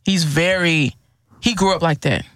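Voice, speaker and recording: A woman guest on a podcast, talking in a casual, animated and emphatic way and acting out the people she quotes. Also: lowish voice, measured pace, no room sound, clean studio sound.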